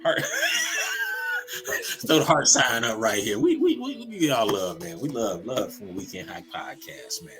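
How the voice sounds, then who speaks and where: A man co-hosting a casual comedy podcast, talking in an animated, profane way, laughing often and repeating words as he goes. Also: mid-range voice, normal speed, noisy background. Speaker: podcast co-host.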